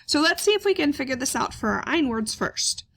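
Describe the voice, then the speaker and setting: A woman's voice: high voice, big pitch swings, fairly quick, creaky, a bit bright. A woman teaching a German grammar lesson, explaining step by step and asking questions she then answers. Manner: explains step by step, asks questions aloud and answers them, many "uh" fillers. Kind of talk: classroom grammar lecture.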